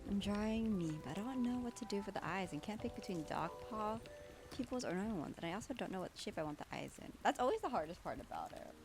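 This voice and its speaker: A woman's voice: medium pitch, expressive, fast. A woman streamer chatting casually with her chat while she draws, bubbly and a bit chaotic. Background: background music.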